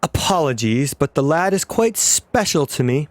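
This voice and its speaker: A man reading the lines of a calm, formal older male mentor aloud. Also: a little high, moderate pace, no echo.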